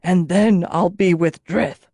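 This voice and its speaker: A woman's voice: fairly low pitch, warm tone, dry recording, studio quality. A woman voicing a grieving drunk ex-dragonrider. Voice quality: thready, wailing. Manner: slow, mournful, slurred and bitter.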